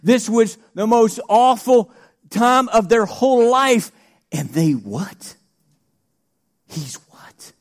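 A man preaching a sermon, animated, swinging between shouted praise and quiet asides. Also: very high voice, takes it slowly.

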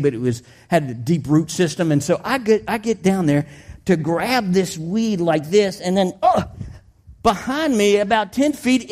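A man preaching with a fairly high voice. He tells his story in a loose, conversational way, with restarts, and his voice climbs when things get exciting. Plain, animated sermon delivery. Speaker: pastor.

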